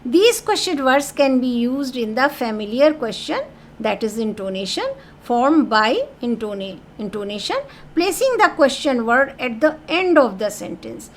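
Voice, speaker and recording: A high-pitched woman, teaching French grammar in a patient classroom style. She reads each French question, gives its meaning, and keeps checking in with her students. Faint room noise sits behind her voice. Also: sing-song, unhurried. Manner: explains patiently, asks "okay?" often; reads French phrases then translates them to English.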